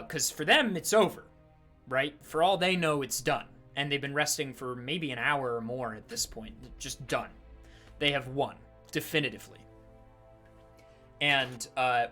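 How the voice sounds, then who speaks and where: A man's voice: medium pitch, sharp tone. A man narrating a tabletop game as game master, talking casually with lots of fillers. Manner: casual, full of fillers and restarts.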